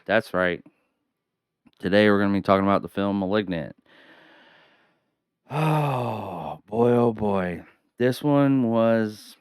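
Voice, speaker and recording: A man's voice: sits low, creaky, clear, resonant tone, no echo, clean studio sound. A young man hosting a horror movie review from home, hamming it up as a spooky showman between rambling, casual asides. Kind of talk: theatrical solo video review. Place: home at night.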